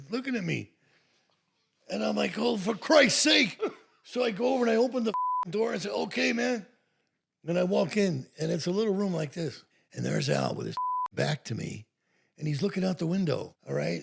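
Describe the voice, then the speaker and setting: Man in his 60s, gravelly, very husky, lively pitch, storytelling guest. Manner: animated, laughs while telling, acts out quoted lines. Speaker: actor telling anecdotes as guest. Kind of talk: casual storytelling.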